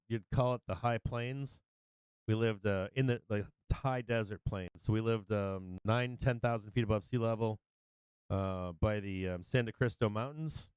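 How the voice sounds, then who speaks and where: A man's voice: fairly low pitch, darkish tone, clean tone, no echo. A man hosting a livestream, telling rambling stories in casual chat, swearing and laughing often. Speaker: livestream host.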